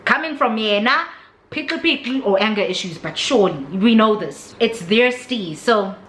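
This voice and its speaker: A woman's voice: fairly high pitch, moderate pace. Dramatic South African woman telling a story. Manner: animated, dramatic storytelling that mixes in Zulu. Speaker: vlogger. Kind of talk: storytime vlog. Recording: roomy with faint noise.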